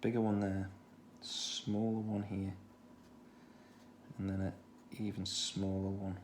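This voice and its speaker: A man with a Stoke-on-Trent accent, talking through a children's drawing tutorial in a relaxed way, thinking aloud as he draws. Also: low voice, slow, a little hiss or hum. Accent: Stoke-on-Trent English. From England. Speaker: art tutor.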